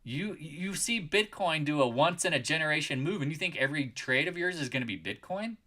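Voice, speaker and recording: A man's voice: a little high, expressive, brisk, few pauses, pushed and bright. A man hosting a live market chat, scolding his viewers and raising his voice as he rants. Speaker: trading channel host.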